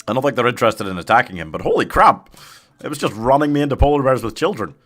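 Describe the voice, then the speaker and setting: A man's voice: mid-range voice, animated, fast, fairly bright tone. A man streaming a game live, chatting casually with his chat, laughing often and yelping when danger appears. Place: home streaming setup.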